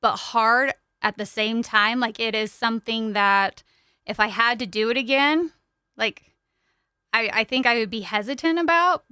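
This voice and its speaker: A woman talks candidly as a podcast guest, her voice bright and a touch above average in pitch. Her tone is smooth and clean, and she keeps up a loose, chatty flow full of casual fillers. The sound is close and dry, with no room around her. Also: normal speed, dry recording. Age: young adult to middle-aged. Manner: open and chatty, frequent "like" fillers. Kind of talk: candid personal storytelling. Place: podcast studio.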